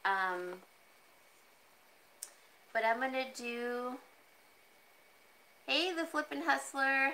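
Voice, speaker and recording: A woman runs a relaxed live jewelry sale from her home, drifting off topic and laughing as she goes. She takes her time, and her voice jumps high when she coos at her cat. A faint hum of room ambience sits behind her. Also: extremely slow, pauses often, low-quality recording. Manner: chatty, easily sidetracked, laughs often. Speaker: online jewelry seller. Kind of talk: casual live-stream sales chat.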